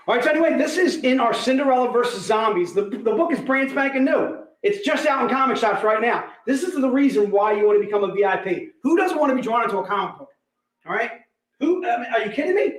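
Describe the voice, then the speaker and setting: Excitable hype man in an echoey room. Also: extremely high pitch, fast. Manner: excitable, hyped, joking. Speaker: host selling collectibles. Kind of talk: livestream sales pitch.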